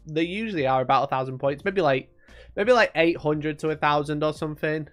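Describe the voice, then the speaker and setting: A man's voice: fairly high pitch, fairly quick, fairly bright tone, soft background music. A man hosting a live stream, chatting casually with his viewers and trading sweary, mock-angry banter with them.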